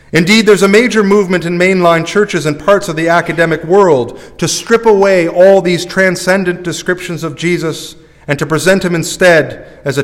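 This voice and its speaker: A man's voice: fairly high pitch, big-room sound. A male priest preaching a sermon in a conversational, self-deprecating way, recorded in a church.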